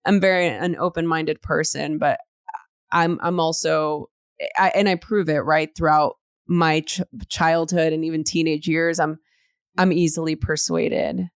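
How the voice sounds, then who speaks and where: A woman's voice: sits low, fairly even intonation, measured pace, smooth, no echo, clean studio sound. A woman from East Los Angeles, a podcast guest and author, talking earnestly and reflectively in an interview and rephrasing her thoughts as she goes. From East Los Angeles, USA. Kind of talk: conversational interview.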